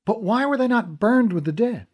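A man's voice: high voice, animated, moderate pace, a little mellow, pitched above the performer's own voice. A man reading a curious young prince. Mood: earnest. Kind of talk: audiobook character reading.

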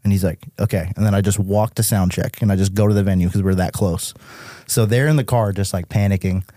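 A young man from Massachusetts tells tour stories on a podcast. He talks casually and with a lot of animation, peppering his speech with "like" and swearing. His voice sits low and mellow, and the recording is dry and close. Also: fast, no room sound. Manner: animated, swears often, heavy use of "like". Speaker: guest musician.

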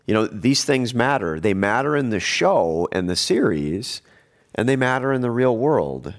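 A man's voice: mid-range voice, big pitch swings, moderate pace. A man in a casual discussion who often restarts his sentences and then builds to emphatic points.

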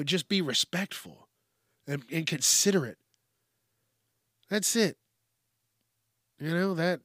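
A man talks through a solo podcast in a slow, drawn-out delivery, his voice sitting a little high for a man. He rants bluntly and swears freely, in a dry, close recording with no room sound. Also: fairly bright tone, dry recording. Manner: profane, ranting, blunt and conversational. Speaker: podcast host. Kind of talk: casual solo podcast monologue.

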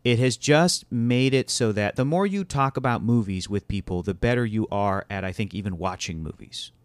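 A man's voice: fairly low pitch, moderate pace, no echo. A man hosting a podcast, chatting enthusiastically about movies and laughing easily. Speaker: podcast host. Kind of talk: casual movie chat.

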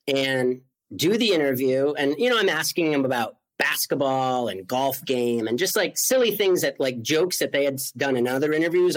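A man in his forties telling a story as an interview guest, animated and full of "like" fillers. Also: mid-range voice. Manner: animated, acts out quoted voices, many "like" fillers. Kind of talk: storytelling in conversation.

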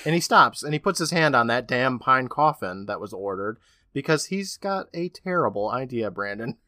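A man's voice: medium pitch, normal speed, no room sound, clean studio sound. A man co-hosting a podcast, recapping an episode in casual chat and acting out the lines he quotes. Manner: animated storytelling, acts out quotes. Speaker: podcast co-host.

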